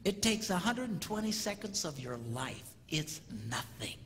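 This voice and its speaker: Man, comedic seminar speaker, high voice, swoops all over, echoey hall, crowd noise behind. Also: measured pace. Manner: animated, jokey, acts out spouses' reactions. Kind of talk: comedic live seminar talk. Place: large hall with live audience. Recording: reverberant hall with audience noise.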